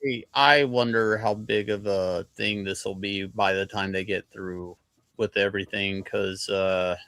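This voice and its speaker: Co-host, man, low gravelly voice, halting delivery, dry close sound. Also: steady tone, fairly bright tone, no echo. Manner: hesitant, halting, starts over often. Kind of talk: casual chat.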